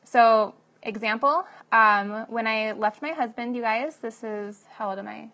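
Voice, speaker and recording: A woman's voice: a little high, measured pace, sharp tone. Chatty laughing young woman, muffled audio. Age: 20s. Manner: chatty, laughs often, many fillers like "like" and "you know". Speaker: vlogger giving advice to young moms. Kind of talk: casual advice talk.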